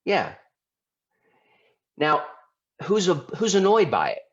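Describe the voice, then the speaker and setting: A man's voice: on the high side, huge pitch swings, slow pace. A man giving a conversational talk as a lawyer and speaker, often asking his audience questions. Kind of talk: lecture presentation. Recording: dull lo-fi sound.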